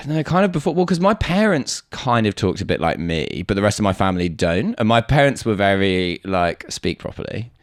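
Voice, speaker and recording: A man with a southern English accent talks in a relaxed, joking podcast chat and laughs often. His voice sits very low. The sound is dry and close, with almost no room in it. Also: moderate pace, no echo. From England. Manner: laid-back, laughs often, swears casually. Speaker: podcast host. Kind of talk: casual chat.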